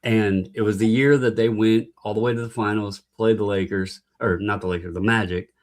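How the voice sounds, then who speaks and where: A man guest on a casual podcast, telling a halting, rambling story with many restarts. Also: lowish voice, fairly even intonation.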